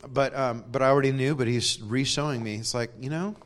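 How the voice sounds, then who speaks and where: A man's voice: mid-range voice, fairly even intonation, a little fast. A man giving a conversational sermon in a church, telling stories with self-deprecating humor and laughs. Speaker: preacher.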